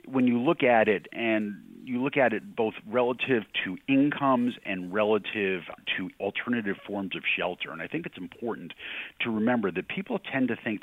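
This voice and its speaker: A man with a very low voice explains housing markets patiently, repeating and stressing the words that matter. He comes through a thin, phone-like line. The sound is dry and close. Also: no echo. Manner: measured, explanatory, emphatic qualifiers. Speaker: real estate research executive, guest. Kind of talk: interview answers.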